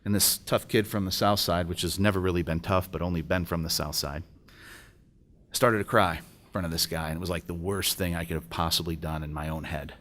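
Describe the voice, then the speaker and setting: This low, brisk male voice is a bit bright, with fairly even intonation. A middle-aged speaker at a business breakfast in an event hall, he shares an emotional personal testimony, narrating a story and performing the dialogue.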